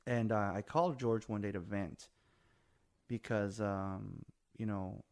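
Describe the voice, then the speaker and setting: A man's voice: fairly low pitch, fairly even intonation, takes it slowly, a little mellow. A man in his forties hosting a casual chat, telling stories animatedly and swearing freely, with bits of Spanish. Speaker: podcast host.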